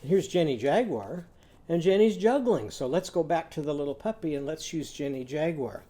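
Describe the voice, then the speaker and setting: A man's voice: a little high, expressive, moderate pace, dark tone. A man teaching a children's literacy lesson, patiently guiding young listeners through sounds and letters.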